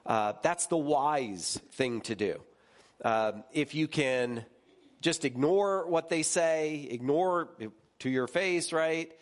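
A man who is a pastor, giving a conversational sermon in a lively, chatty way and often checking in with his listeners. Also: slow. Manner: lively, jumps higher when recounting stories.

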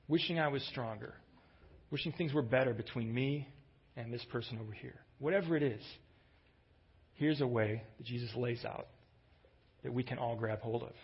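A man in the middle of a sermon, telling the story in an easy, conversational way and lifting his voice for emphasis. His voice has a husky edge, and the recording sounds dull and lo-fi. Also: mid-range voice, moderate pace, long pauses. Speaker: pastor.

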